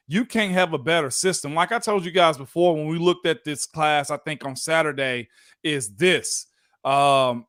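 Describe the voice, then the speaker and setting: Animated former lineman man, dry close mic. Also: fairly high pitch, dry recording. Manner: animated, folksy, repeats "you know what I'm saying". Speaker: co-host, former pro football lineman. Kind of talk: casual sports talk.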